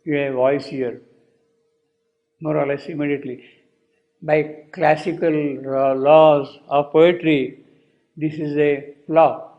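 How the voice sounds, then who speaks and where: Slow, unhurried man explaining a poem. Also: fairly high pitch, darkish tone, muffled recording. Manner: repeats lines, explains word by word. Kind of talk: slow lecture with poetry recitation.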